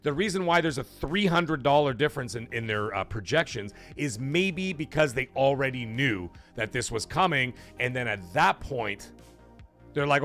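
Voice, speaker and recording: A man hosts a live stream in a loose, joking way, swearing freely and reading out viewer messages. His voice sits in an ordinary middle register. Soft music plays faintly under him. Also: medium pitch, animated, normal speed. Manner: chatty, joking, loose and profane; reads viewer messages aloud. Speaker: livestream host. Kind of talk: casual live-stream chat.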